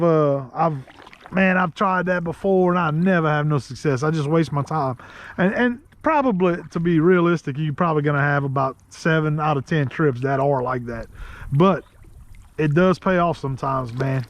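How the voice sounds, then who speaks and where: A man with a Louisiana accent hosting a casual outdoor vlog from a kayak in the marsh, chatty and quick to laugh. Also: a little high. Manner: chatty, laughs easily, rambling asides. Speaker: host.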